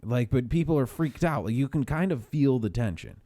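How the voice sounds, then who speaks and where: A man's voice: mid-range voice, animated, normal speed, warm tone, dry recording. A young man on a podcast, cracking sarcastic jokes in easy, filler-heavy chat. His voice sits in a middle range, and the recording is dry and close. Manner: joking, sarcastic, many fillers. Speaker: podcast co-host. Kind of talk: casual chat.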